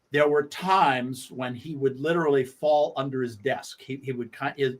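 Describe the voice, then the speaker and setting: A man, a guest sports writer, telling anecdotes on a sports talk radio show in an animated way, often restarting his sentences and acting out quoted lines. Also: medium pitch. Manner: halting with frequent restarts.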